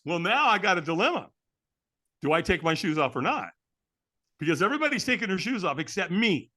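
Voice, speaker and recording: A man's voice: sits high, sing-song, fairly quick, sharp tone. A middle-aged man, a guest in an interview, telling a story animatedly and acting out the dialogue. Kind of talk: storytelling in a conversation.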